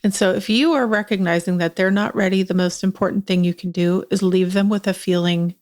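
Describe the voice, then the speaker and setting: A woman's voice: mid-range voice, steady tone, a little fast, a little mellow. A woman on a podcast speaks with earnest sincerity, reflecting on her own experience. Her voice sits in a mid range with no strong color. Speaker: podcast guest. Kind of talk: conversational podcast talk.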